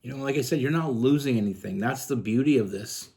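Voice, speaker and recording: A man's voice: mid-range voice, fast talker, a little mellow. A man from Canada giving a casual tarot love reading, earnest and rambling with frequent restarts. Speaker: tarot reader.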